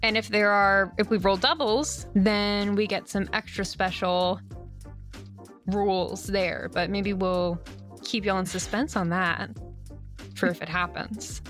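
A woman's voice: medium pitch, fairly even intonation, a little slow, fairly bright tone, soft background music. A woman co-hosting a radio game show who explains tabletop game rules in upbeat casual chat, swearing freely. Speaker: co-host and game runner.

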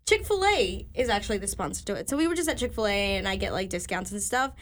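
A young woman co-hosting a podcast, telling stories in a chatty, animated way, full of fillers. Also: mid-range voice, fast. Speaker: podcast co-host. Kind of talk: casual chat.

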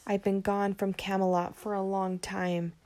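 Morgan, a soft-spoken wise enchantress, as a woman reads her. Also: mid-range voice, moderate pace, natural voice. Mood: calm. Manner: soft, calm, kindly.

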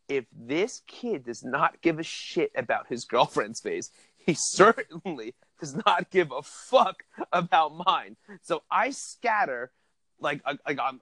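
A young man telling a wild story in casual chat, animated and profane, laughing as he goes. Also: fairly high pitch, no room sound. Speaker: podcast host telling a story.

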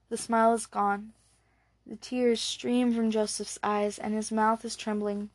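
A woman narrates an audiobook with a measured, low-key delivery. Her pitch stays level and flat throughout, and the recording is close and dry with no room sound. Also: no echo.

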